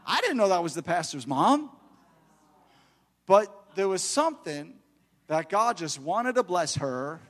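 A middle-aged man preaching a fervent sermon in church, building to loud exhortation. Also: high voice, big pitch swings, measured pace, long reverb tail.

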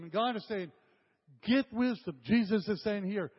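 An older male pastor preaches with emphasis, his somewhat high voice hammering phrases home again and again. The sound is dull and lo-fi, carrying a long reverb off a church hall. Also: fairly quick, husky. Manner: emphatic, repeats phrases, addresses the congregation directly. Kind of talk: sermon.

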